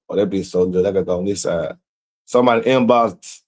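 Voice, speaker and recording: A man's voice: sits low, fast. A man hosting a streamed show, reading out messages and mocking them in a profane, incredulous commentary. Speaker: show host.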